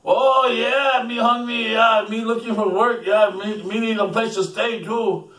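A man's voice: high voice, fairly even intonation, unhurried, a bit bright, voice pushed up. A man voicing a poor, hungry drifter who is humble and eager to please, speaking broken English and thanking people effusively. It is heard in a roomy space from a distant mic.

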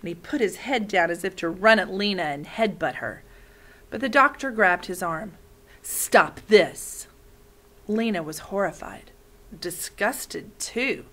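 A woman's voice: medium pitch, expressive, moderate pace, sharp tone, low-quality recording. A woman reading a children's novel aloud in a friendly way, stopping to explain words.

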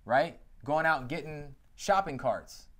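Animated slangy man co-hosting a podcast. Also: on the high side, measured pace. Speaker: podcast co-host. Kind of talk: casual podcast chat.

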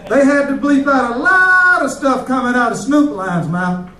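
A man's voice: extremely high pitch, moderate pace, sharp tone, reverberant, recorded from a distance, a little hiss or hum, poor audio. A male stand-up comedian, telling jokes loosely on a club stage. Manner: loose, joking storytelling.

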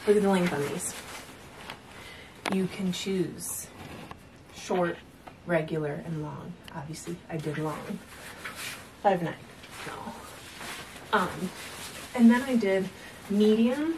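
Casual female vlogger, lower voice, rambling and giggly, recorded from afar on a noisy camera mic. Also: takes it slowly, pauses often, far from the mic. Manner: chatty, rambling, laughs often. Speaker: fitness vlogger showing purchases. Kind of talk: casual haul vlog. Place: at home, indoors.

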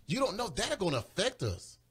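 A man's voice: high-pitched, huge pitch swings, a little fast, fairly bright tone, husky. A man talking on a studio radio show, preaching with growing fervor and pleading urgency. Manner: preaching fervently, voice rising and pleading. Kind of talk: impassioned religious radio talk. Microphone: studio microphone.

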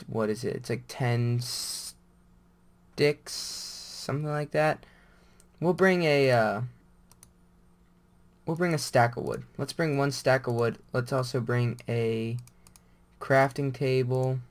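A man giving casual gameplay commentary, rambling and thinking aloud as he plays. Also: mid-range voice. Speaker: gamer.

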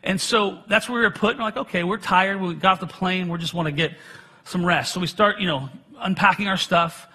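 A man's voice: high-pitched, a little fast, sharp tone, slightly rough. A middle-aged man preaching a sermon, telling personal stories in a conversational way with self-deprecating humor.

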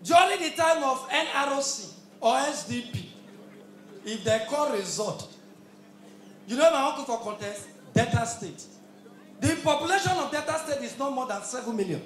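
A man's voice: very high voice, expressive, moderate pace. A Nigerian man doing stand-up comedy as an MC, belting punchy lines and humming between them at a live event. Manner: punchy, shouted lines with hums and laughs between. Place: live event hall with audience. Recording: echoey hall, crowd noise.

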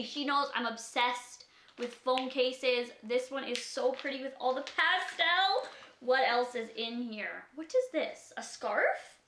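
A young woman with a high, bright voice gushes over each gift, unhurried and excitable. She is from Canada and is recording an unboxing vlog. The sound is a bit echoey, as if she is in a bare room. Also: a little hiss or hum. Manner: gushing, excitable, frequent gasps. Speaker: YouTuber opening a gift.

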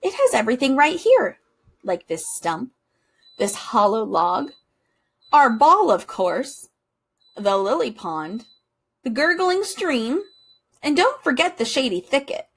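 A woman's voice: a little high, big pitch swings, a bit bright, husky, heavily acted. Woman doing a timid, fussy goose. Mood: grumbling. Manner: worried, slow and drawn-out.

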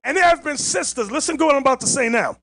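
High, shouting, animated preacher man. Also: fast, gravelly. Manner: emphatic, mocking, often shouting. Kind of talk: fiery street-style Bible teaching.

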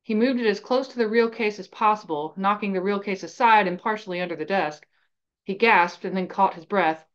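A woman's voice: mid-range voice, a little fast, muffled recording. Woman reading a story aloud. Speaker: reader and podcast host. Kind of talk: reading a fan novel aloud.

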